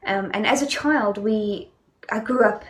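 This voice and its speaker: A woman's voice: mid-range voice, measured pace. A young woman with a South African accent preaching a sermon in a conversational, storytelling way, with many fillers.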